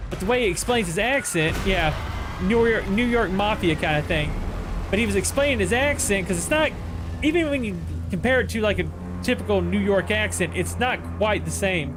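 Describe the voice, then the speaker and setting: High-voiced rambling male streamer. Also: lively intonation, normal speed, music in the background. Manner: rambling anecdotes with frequent restarts. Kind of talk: casual chat while gaming.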